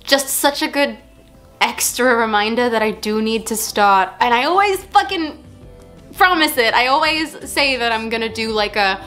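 A woman's voice: on the high side, expressive, moderate pace, fairly bright tone. A young woman filming a casual music reaction vlog in her bedroom, talking in a candid, rambling way and swearing freely. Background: music playing faintly.

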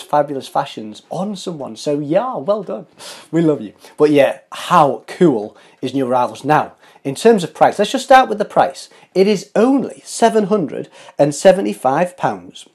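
Gushing male fashion host, husky and animated. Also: a little high, normal speed. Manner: gushing, sing-song, playful. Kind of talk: enthusiastic fashion commentary.

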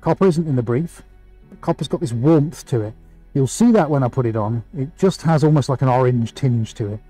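A man's voice: mid-range voice, a little fast, dark tone, soft background music. A man hosting a painting live stream, chatting casually and reading out greetings to viewers. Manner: chatty, reads out viewer greetings with small restarts.

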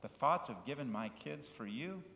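A male pastor preaching a sermon, shifting between loud, fervent passages and quiet asides, and asking the congregation questions. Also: mid-range voice, animated, moderate pace, vocal fry, a little hiss or hum. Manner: asks the congregation questions and invites them to repeat words. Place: church sanctuary. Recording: echoey church hall with long reverb.

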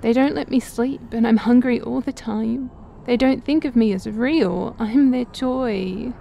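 A woman voicing a possessed young herder, haunted and hungry, pleading with slow broken pauses, low gravelly edges, a mellow dark tone, read aloud for a game playthrough. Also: lo-fi sound, a little hiss or hum.

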